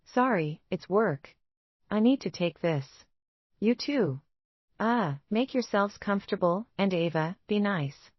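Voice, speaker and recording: A woman voicing a young husband who speaks in a soft, placating tone, read in a storybook style. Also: medium pitch, expressive, slow, husky, no room sound. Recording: dull, dry lo-fi recording.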